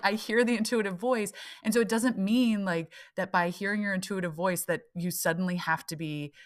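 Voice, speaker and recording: A woman's voice: mid-range voice, brisk, few pauses. A woman hosting her own solo podcast, talking in a chatty, reflective way and briefly acting out the inner voices she describes. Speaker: podcast host.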